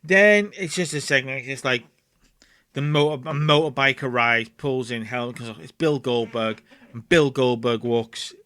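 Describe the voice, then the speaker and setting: A man's voice: medium pitch, normal speed, fairly bright tone, no room sound. A man hosting a casual let's play, chatty, narrating and acting out scenes. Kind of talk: casual game commentary.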